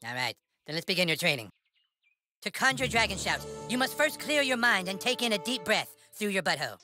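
A man's voice: high voice, big pitch swings, brisk, exaggerated voice. An actor playing a crude, bossy young boy acting as a mock-solemn fantasy mentor in a video game. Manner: mock-solemn, foul-mouthed. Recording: game audio with loud music.

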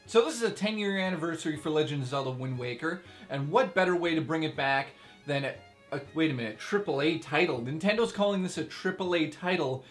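A man hosting a casual video game review, talking in an excitable, joking way with exaggerated asides. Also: on the high side, fairly quick, faint music behind.

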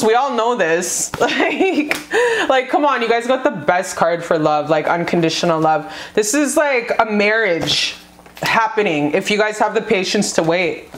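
A woman's voice: mid-range voice, expressive, measured pace, a little hiss or hum. A woman giving a casual pick-a-card love reading to her viewers. She gushes and swears freely, calling her audience "you guys.". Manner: gushing and profane, addresses viewers as "you guys". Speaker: tarot card reader. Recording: roomy echo.

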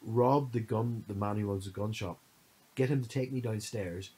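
Low husky guy, podcast co-host, rambling animated storyteller, casual chat. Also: normal speed, poor audio. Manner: animated storytelling, full of fillers.

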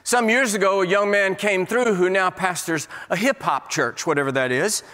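A man giving a sermon as a guest preacher, an animated storyteller who acts out the voices in his stories. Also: sits high, normal speed. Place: large church sanctuary. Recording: long church hall reverb.

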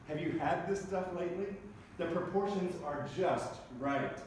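A man's voice: sits high, a little slow, background noise. Guy preaching with jokes, big church echo, mic kinda far off. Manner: humorous storytelling preacher. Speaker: pastor. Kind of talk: sermon. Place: large church sanctuary. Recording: echoey church recorded from a distance.

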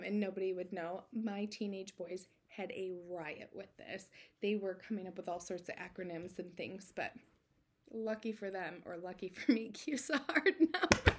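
A woman in her thirties chatting to camera about her quilting, self-deprecating and laughing often. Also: medium pitch. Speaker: quilting vlogger. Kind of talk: casual chat to camera.

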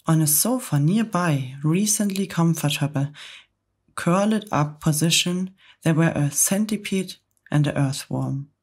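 Soft-spoken woman in whispered role-play. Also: sits low, animated, slightly rough. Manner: soft, slow ASMR storytelling. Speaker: storybook reader.

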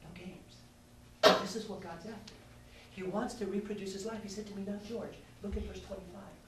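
A man in the middle of his life preaches to a conference crowd. He tells an honest, self-mocking story and stops now and then to speak to the listeners. The mic sits far off in a roomy hall, with steady noise underneath. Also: high-pitched, normal speed. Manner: candid, self-mocking storytelling with audience asides. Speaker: pastor. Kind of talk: sermon. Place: large hall at a youth conference.

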